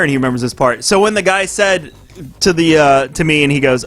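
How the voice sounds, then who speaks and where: A man's voice: on the high side, fast, fairly bright tone, soft background music. A man casually telling a story as podcast co-host, acting out the other voices and swearing freely.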